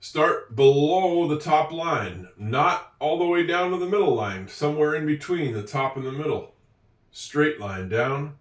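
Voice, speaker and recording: Male teacher, slow and patient explainer, echoey room, slightly off-mic. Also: on the high side, lively intonation, distant mic. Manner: patient, slow and explanatory, self-deprecating asides. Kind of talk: handwriting lesson.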